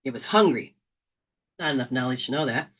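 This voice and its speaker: Female healing teacher, lively and expressive, slangy and casual; fairly high, bright voice. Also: a little fast. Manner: animated, acts out scenes, casual slang and mild swearing. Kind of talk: informal spiritual lesson.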